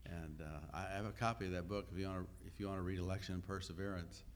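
A man preaching a sermon and teaching from a Bible passage, talking conversationally, asking questions and pausing often with "uh.". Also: low voice, fairly even intonation, a little hiss or hum. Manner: unhurried teaching with frequent "uh" pauses; conversational, asks the listeners questions. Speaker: pastor.

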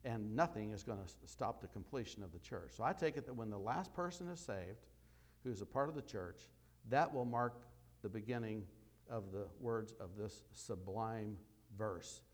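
Man preaching with loud dramatic bursts. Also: on the low side, animated, moderate pace. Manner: dramatic swings between loud emphatic and quiet asides. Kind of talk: sermon.

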